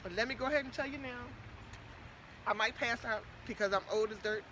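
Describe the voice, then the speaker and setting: A middle-aged woman talks to her vlog viewers outdoors, her voice high and bright. She sounds playful and chatty and is often out of breath. A light hum of outdoor noise sits behind her. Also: a little fast. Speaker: vlogger.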